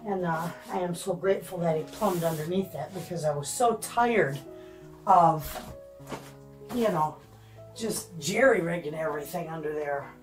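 A woman's voice: fairly low pitch, a little slow, soft background music. An older woman vlogging casually from her home kitchen, chatting to her viewers as friends. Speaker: homestead vlogger.

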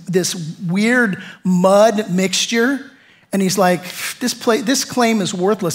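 A middle-aged man preaching a sermon, conversational and emphatic, with rhetorical questions. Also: high-pitched. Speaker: pastor.

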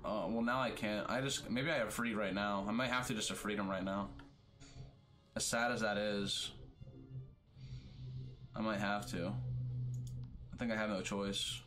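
A man with a fairly low voice narrates his online card game live, cursing freely and grumbling about every bad roll. His talk is loose and off the cuff, with faint game music running underneath. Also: fairly even intonation, a little slow, pauses often, fairly bright tone. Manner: profane, trash-talking, complains about bad luck. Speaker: streamer playing a card battle game. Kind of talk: casual gameplay commentary.

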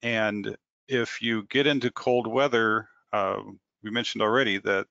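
Gravelly, bright-toned man explaining fuel systems. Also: lowish voice, no room sound. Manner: explanatory, repeats words while thinking. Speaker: webinar presenter. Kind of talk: technical webinar explanation. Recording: slightly dull dry audio.

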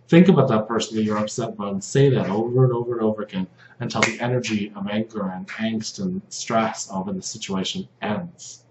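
A man with a fairly low voice talks through a lesson on slides, stopping and restarting often and dropping softer on repeated phrases. The sound is dull and lo-fi. It carries a roomy echo with a faint hum underneath. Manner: halting, many fillers and restarts, drops softly into repeated prayer phrases. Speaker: video host teaching about control dramas. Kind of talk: casual spoken lesson over slides.

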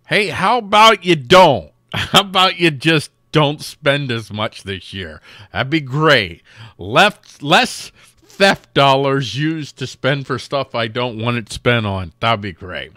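A man hosting an offhand news commentary show with a sarcastic edge. His pitch swings widely and his tone is bright and pushed forward. The sound is close and dry, with no room around it. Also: animated, slow, no room sound. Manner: sarcastic, mocks quoted figures in silly put-on voices. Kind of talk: casual political news commentary.

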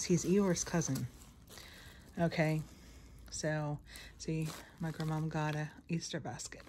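A woman's voice: deep voice, a little mellow, slight background noise. A woman vlogging a shopping haul to her phone at home late at night, tired and out of breath, rambling and chatty with laughs in between. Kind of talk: casual chat to camera. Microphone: phone camera.

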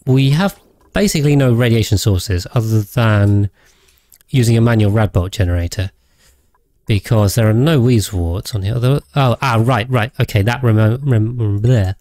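Mellow-voiced man streaming a game. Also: on the low side, normal speed, no echo. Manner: rambling, thinks aloud, thanks viewers. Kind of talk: casual gameplay livestream chat.

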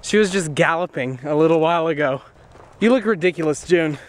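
A man's voice: a little high, brisk, slight background noise. A young man chatting casually to camera while out with his dog in a field, a little out of breath. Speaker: vlogger. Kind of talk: casual vlog chat. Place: outdoors in a field.

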